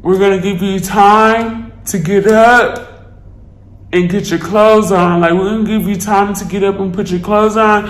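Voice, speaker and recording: A woman voicing a calm, stern male police officer who gives slow, firm instructions. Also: medium pitch, slight background noise, pitched below the performer's own voice, close to an everyday voice. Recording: echoey room.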